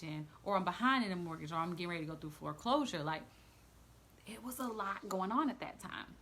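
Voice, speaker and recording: A woman's voice: fairly low pitch, fairly bright tone, a little hiss or hum. A woman sharing her faith testimony in an earnest, chatty vlog, full of casual fillers and close to tears at times.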